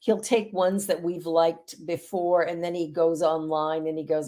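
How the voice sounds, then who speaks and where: A woman's voice: sits low, flat delivery, measured pace, dark tone. A middle-aged woman talking in an earnest, upbeat way during a casual video-call chat. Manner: earnest, upbeat, speaks of prayer and affirmations.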